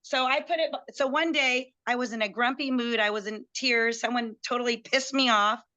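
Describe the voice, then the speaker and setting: A woman guest telling a personal story in an excited, chatty way, acting out what others said to her. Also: a little high, normal speed. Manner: chatty, excitable, acts out quoted dialogue.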